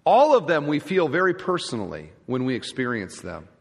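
A man's voice: on the high side, wildly swooping pitch, normal speed, vocal fry, breathy edge. A man preaching a sermon as pastor, emphatic and full of rhetorical questions to the congregation. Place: church sanctuary. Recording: long church hall reverb.

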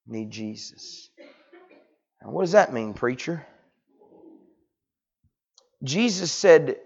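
A man preaching a sermon in a folksy way, dropping to hushed tones and rising to loud cries. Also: medium pitch, expressive, takes it slowly, gravelly, pauses often, breathy edge, dull audio. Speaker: pastor.

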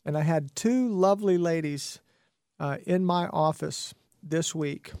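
A man's voice: fairly high pitch, measured pace, a little mellow, dry recording, clean studio sound. A man hosting a radio talk show, preaching with fervent, repetitive motivational conviction. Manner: fervent, preachy, repeats phrases for emphasis. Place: radio studio. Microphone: studio microphone.

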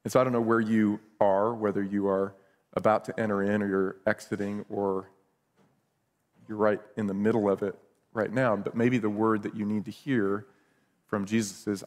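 A man's voice: lowish voice, level tone, normal speed. A man preaching a sermon as pastor, earnest and conversational, often repeating words as he goes.

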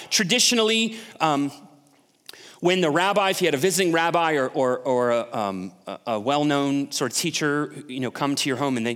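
A male pastor with a fairly high, fairly bright voice preaches conversationally, often putting questions to the congregation. The sound has a big-room quality.

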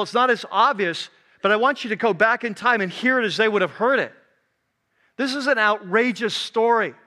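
Guy preaching a sermon, high bright voice, gets loud then real soft. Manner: animated, swings from loud and high to soft and low. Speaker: pastor.

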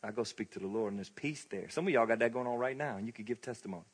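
A man's voice: on the low side, rapid-fire, slightly rough. A male pastor preaching a sermon in a conversational, storytelling way, with frequent laughs. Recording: long reverb of a large hall.

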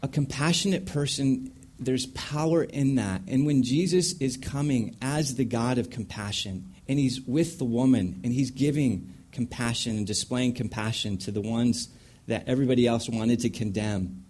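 A man leading a panel talk on counseling, teaching from scripture in a lively way and acting out scenes with sound effects. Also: medium pitch, normal speed, slightly rough.

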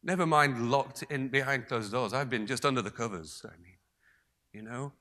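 A man preaching a sermon, moving between raised emphasis and hushed, almost whispered passages. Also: mid-range voice, moderate pace.

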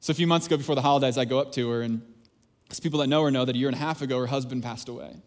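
A man preaching a sermon as pastor, earnest and emphatic, repeating phrases for weight and dropping into quieter asides. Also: mid-range voice, fairly even intonation, rapid-fire.

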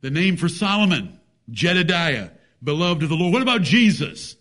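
A man's voice: a little high, big pitch swings, moderate pace, a bit bright. A man preaching a sermon, emphatic, with rhetorical questions and folksy jokes.

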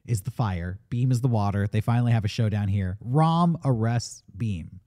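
A man with a mellow, dark-toned voice hosts a casual movie review chat. He rambles through the plot, laughing and swearing as he goes. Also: on the low side, moderate pace. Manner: rambling, laughs and curses while retelling the plot. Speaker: podcast host.

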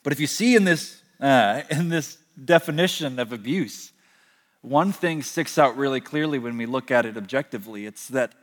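Young male pastor in a reverberant hall. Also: medium pitch. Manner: conversational storytelling with slow emphatic pauses. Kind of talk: sermon. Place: large hall, speaking from a stage.

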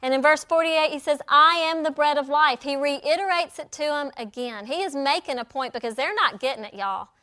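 Woman preaching, high bright voice, animated storytelling. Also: a little fast, few pauses. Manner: animated storytelling, acts out quoted lines. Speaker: Bible teacher. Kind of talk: sermon.

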